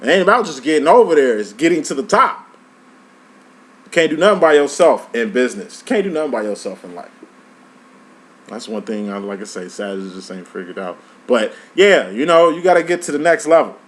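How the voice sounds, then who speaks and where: A man giving a casual tarot reading, profane and emphatic, full of streetwise slang. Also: fairly quick. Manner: animated, pitch jumps up and down. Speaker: tarot reader.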